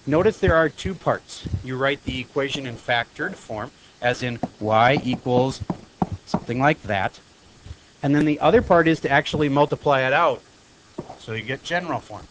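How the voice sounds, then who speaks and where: Male math teacher, classroom lecture, chatty, quizzes students, mid-pitched voice. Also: a bit bright, slight background noise, rough recording. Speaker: high school math teacher.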